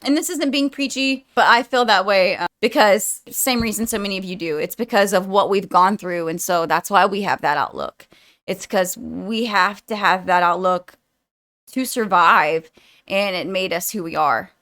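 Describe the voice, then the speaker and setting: A woman's voice: medium pitch, normal speed. A young woman vlogging a movie reaction, chatting casually to her viewers in a rambling, heartfelt way with lots of "like.". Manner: rambling and chatty, says "like" often; warm and heartfelt toward viewers.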